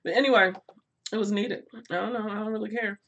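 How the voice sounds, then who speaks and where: A woman's voice: mid-range voice, steady tone, quick pace, a bit bright. A young woman hosting a book live stream, talking casually to her viewers, laughing often as she reads out their comments. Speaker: booktube live stream host.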